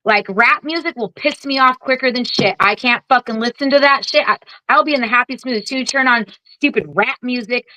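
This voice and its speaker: A woman army veteran tells her story bluntly, swearing freely and acting out her own retorts. Her voice sits somewhat high with a bright, forward edge. The sound is dry and close. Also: a little fast, no room sound, poor audio. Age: adult with children. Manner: blunt, heavy swearing, vivid quoted retorts. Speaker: guest, Air Force veteran. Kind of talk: candid conversational storytelling.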